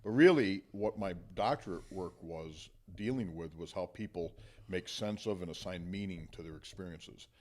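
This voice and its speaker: Low-voiced man hosting a podcast. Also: a little mellow. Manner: measured, explanatory, gives short listening murmurs. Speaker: podcast host, psychologist. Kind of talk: conversational interview.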